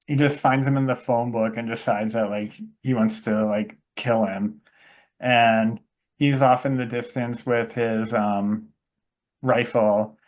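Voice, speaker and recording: A man co-hosting a casual movie podcast, rambling with lots of fillers and acting out scenes he retells. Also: mid-range voice. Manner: rambling, many fillers, acts out quoted lines. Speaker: podcast co-host. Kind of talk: casual chat about movies.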